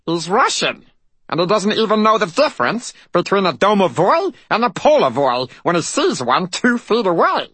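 A man voicing a tiny, hot-tempered male fairy warrior who speaks in a shrill, theatrical, haughty way. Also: sing-song, takes it slowly, pushed and bright, breathy edge, no room sound, exaggerated voice. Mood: outraged. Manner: haughty, declamatory.

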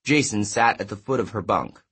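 Male audiobook narrator, low and husky, even, measured read. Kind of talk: scripted narration.

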